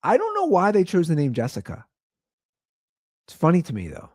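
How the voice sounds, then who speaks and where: Sarcastic ranting man, lively swings. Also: on the high side, moderate pace, no echo, clean studio sound. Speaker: podcast host. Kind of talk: comedic solo rant.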